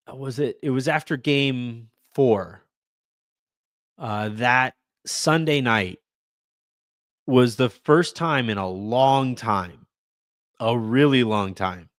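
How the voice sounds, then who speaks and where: A man hosting a casual sports podcast, talking in an animated way and often repeating words and restarting sentences. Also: mid-range voice, no echo, clean studio sound. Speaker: podcast host.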